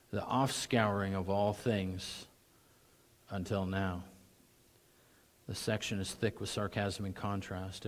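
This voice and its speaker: This is a middle-aged man, a pastor, giving a lively sermon in a fairly low voice. Sarcastic mockery sends his voice rising sharply, and throat-clearing interrupts him often.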